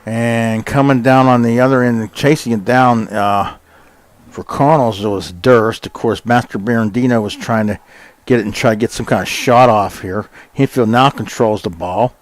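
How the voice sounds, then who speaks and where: A man doing casual, folksy play-by-play for a high school soccer game, chatty with plenty of fillers and quickening when a shot comes. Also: fairly even intonation, no echo. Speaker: play-by-play announcer. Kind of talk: casual sports commentary.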